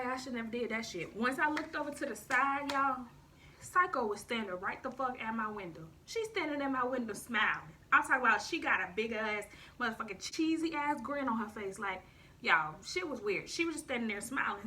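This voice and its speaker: Animated, profane young woman. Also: a little high. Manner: animated, profane, addresses viewers as y'all. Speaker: YouTuber. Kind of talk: storytime vlog. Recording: slightly distant mic, faint noise.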